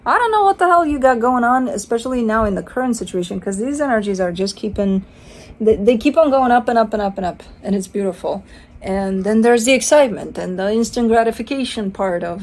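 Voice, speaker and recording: A woman's voice: a little high, animated, brisk, a little mellow. A woman giving a casual tarot card reading, chatty and playful, swearing casually and acting out the listener's side. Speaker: tarot reader.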